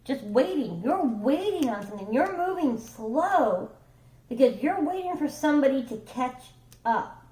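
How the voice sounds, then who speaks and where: A woman's voice: high-pitched, lively intonation, a little slow, mellow, roomy sound, low-quality recording. A woman giving a casual tarot reading, rambling and chatty, checking in with her listener and swearing offhandedly. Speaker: tarot reader.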